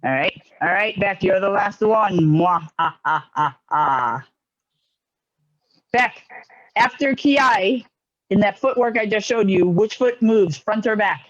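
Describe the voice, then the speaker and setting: A man teaching a karate class online, giving brisk, encouraging commands. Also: high voice. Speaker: karate instructor. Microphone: video call. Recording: lo-fi video call audio.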